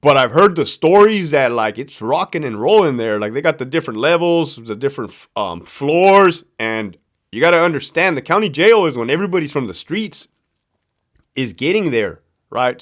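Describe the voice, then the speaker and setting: Southern Californian man hosting a live chat, swearing and slangy, lively pitch that rises a little high. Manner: slangy, profane, loose storytelling with lots of fillers. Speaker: livestream host, former prison guard. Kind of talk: casual live-stream chat reading viewer questions.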